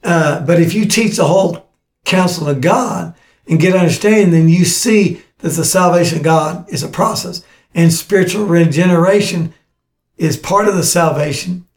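A man's voice: high-pitched, normal speed. A man preaching a teaching sermon, reading scripture aloud and urging his listeners with earnest, repetitive exhortation. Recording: echoey room.

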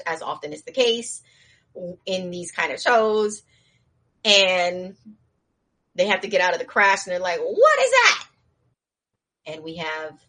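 A woman casually recapping a show's plot as an animated storyteller, with slangy asides to her viewers. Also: fairly low pitch. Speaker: show recap host.

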